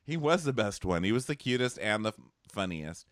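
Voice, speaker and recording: A man's voice: fairly low pitch, big pitch swings, fairly quick, no room sound, clean studio sound. A man co-hosting a casual comedic TV recap, playful and campy, acting out quotes from the show. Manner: camp, playful, acts out quotes in big voices. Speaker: podcast co-host.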